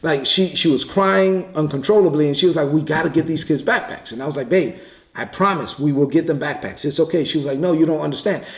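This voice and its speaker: A man preaching in a conversational way, telling a story with quick bursts and repeated words. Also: fairly high pitch. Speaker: pastor. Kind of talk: sermon storytelling. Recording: echoey room.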